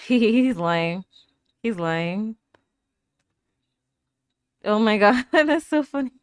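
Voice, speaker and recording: Female reaction host, chatty and animated, talks back at the screen; dry, close sound. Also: fairly high pitch, very slow, smooth, no room sound. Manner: laughs often and coos at cute moments. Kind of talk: casual reaction commentary.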